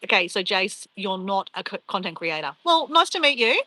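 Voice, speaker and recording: A woman's voice: medium pitch, big pitch swings, moderate pace, pushed and bright, no echo, rough recording. A young woman chatting casually on a travel live stream, rambling and laughing as she reads viewer comments.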